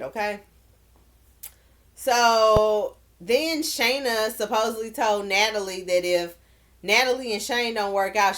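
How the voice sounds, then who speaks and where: A woman's voice: medium pitch, a little hiss or hum. A woman recapping a dating show in a casual vlog, blunt and exclaiming, with slangy asides. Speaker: show reviewer.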